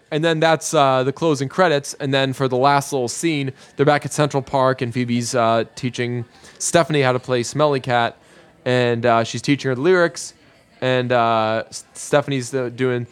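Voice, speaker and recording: A man's voice: mid-range voice, steady tone, moderate pace, smooth. A man casually recapping a TV episode scene by scene, with plenty of filler sounds. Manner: narrates scene by scene with many "uh" fillers. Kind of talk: casual spoken retelling.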